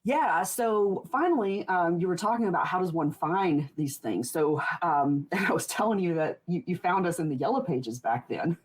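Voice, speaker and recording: A woman's voice: lowish voice, animated, moderate pace, a little hiss or hum. A woman in her forties, a podcast guest telling stories casually, rambling with frequent laughs and restarts. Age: 40s. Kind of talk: casual interview storytelling.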